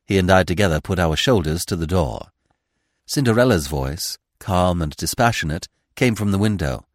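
A man reads a classic mystery aloud in a measured, expressive way. His voice sits fairly low and moves freely up and down, recorded dry and close. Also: no room sound. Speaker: podcast narrator. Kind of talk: audiobook reading of a classic mystery.

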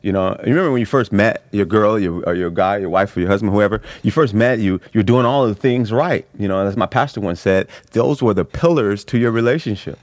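A middle-aged man, a comedian, chatting casually and telling stories in an animated way, often restarting his sentences and swearing freely. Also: fairly low pitch, brisk, few pauses, no echo. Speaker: comedian guest. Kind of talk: casual podcast chat.

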